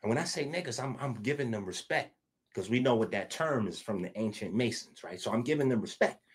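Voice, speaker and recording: A man from the Bronx, hosting a podcast and delivering a casual commentary monologue. He is animated and swings between loud and hushed, with frequent asides. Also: medium pitch, fairly quick, breathy edge. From the Bronx, New York. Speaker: podcast host.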